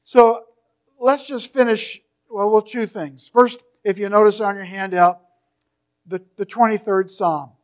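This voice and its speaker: A man preaching a sermon in a church, reading scripture slowly and with emphasis, his voice trailing softly at the ends of phrases. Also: sits high, steady tone. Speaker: pastor.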